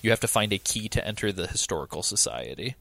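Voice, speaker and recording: A man's voice: fairly low pitch, very animated, quick pace, vocal fry, sharp tone. A man in casual chat recapping a horror game with a co-host, enthusiastic and swearing freely, with many ums. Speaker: podcast co-host discussing a game.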